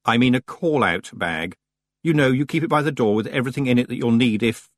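A man voicing a sharp, blunt young witch girl who talks briskly and forcefully. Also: mid-range voice, animated, dry recording, studio quality, close to an everyday voice. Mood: impatient.

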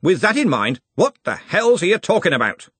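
A man doing a blustering, gruff old head wizard. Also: high voice, big pitch swings, moderate pace, dry recording, voice pushed up, full character voice. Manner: loud, gruff, impatient. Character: blustering, bossy older male head wizard.

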